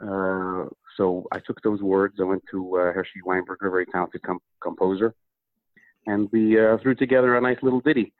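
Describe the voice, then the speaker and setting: A man with a lowish voice speaks over a tinny, dry phone line. He is from Minnesota and talks about his music as a guest, hesitant, full of "uh" pauses. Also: steady tone, dry recording. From Minnesota, USA. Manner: halting, with many "uh" pauses. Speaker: singer, interview guest. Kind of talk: casual phone interview.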